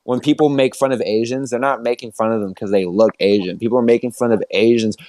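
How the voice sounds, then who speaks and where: A man's voice: medium pitch, fairly even intonation, quick pace, darkish tone. A young man rambling in casual chat with friends, laughing often as he talks.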